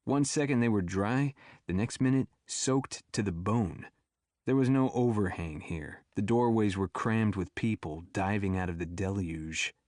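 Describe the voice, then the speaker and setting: A man narrating an audiobook thriller in a steady, even storytelling manner. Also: lowish voice, unhurried, no echo, clean studio sound. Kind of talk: scripted narration.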